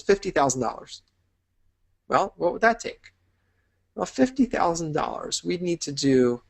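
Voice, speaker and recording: A man teaching a business course in an upbeat, encouraging way, painting vivid imagined scenes for the listener. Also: on the high side. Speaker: business instructor. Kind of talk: motivational teaching talk.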